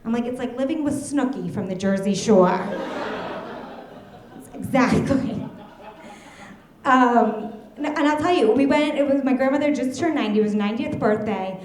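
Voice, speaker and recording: A young woman doing a stand-up comedy set, telling stories with a deadpan edge and laughing at her own jokes. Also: on the high side, moderate pace, long pauses. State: heavily pregnant. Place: comedy club stage. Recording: roomy club echo.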